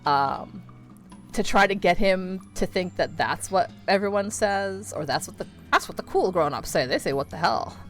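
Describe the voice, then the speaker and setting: A woman's voice: medium pitch, expressive, moderate pace, soft background music. A woman in her thirties chatting casually while playing a video game, rambling with lots of fillers and easy swearing. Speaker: streamer.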